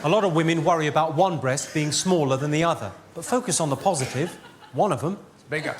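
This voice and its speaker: Bawdy stand-up, slightly high. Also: male voice, fast talker. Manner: dry, bawdy storytelling. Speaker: stand-up comedian. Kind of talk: stand-up comedy. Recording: loud noisy live recording.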